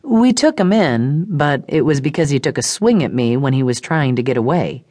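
A woman voicing a calm, even-tempered man who keeps the law, in an audiobook. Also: extremely low pitch, normal speed. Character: calm steady man, lawman.

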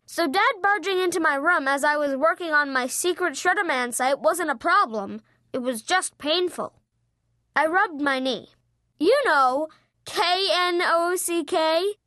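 High, bright children's audiobook narrator. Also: no room sound, studio quality. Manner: lively, expressive first-person telling.

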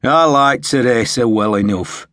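A man's voice: medium pitch, unhurried, a bit bright, no room sound, studio quality, close to an everyday voice. A man voicing a tough army captain who talks harshly and swears a lot. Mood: gruff.

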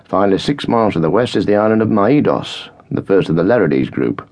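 A man's voice: on the low side, lively intonation, fairly quick, a little mellow, pitched above the performer's own voice. A man voicing a polite, eager young captain. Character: young, keen British army captain.

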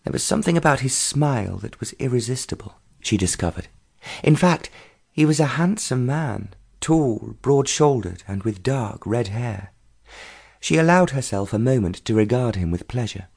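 A man narrating a romance novel audiobook in a measured storytelling manner. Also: medium pitch, animated, vocal fry, a little mellow, breathy edge. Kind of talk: scripted narration.

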